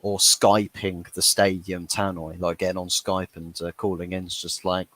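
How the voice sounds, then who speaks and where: A man's voice: low-pitched, little pitch movement, normal speed, a bit bright. A young man hosting a fan watchalong, chatting casually through the match and laughing at his own jokes. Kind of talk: live match reaction commentary.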